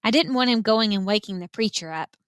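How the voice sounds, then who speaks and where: Bright-voiced woman teacher reading aloud. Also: mid-range voice, brisk, clean tone, dry recording. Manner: directs listeners to follow along, expressive read-aloud. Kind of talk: reading a novel aloud to students.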